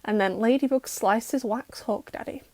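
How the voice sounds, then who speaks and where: A woman's voice: a little high, normal speed, mellow, no room sound. Sarcastic young woman. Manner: sarcastic, exasperated roasting with mock quotes. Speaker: YouTuber reacting to a cartoon. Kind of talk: comedic episode recap.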